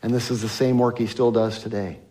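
A man preaching a sermon, telling a Bible story and acting out the voices of the people in it, dropping from loud to hushed. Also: fairly low pitch, flat delivery, a little fast. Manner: swings from loud emphasis to soft hushed lines. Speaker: pastor.

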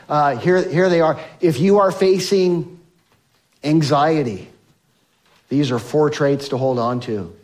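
A male pastor preaching a sermon to his congregation on a microphone, swinging between loud emphasis and soft, slow lines. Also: on the high side. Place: church sanctuary with congregation.

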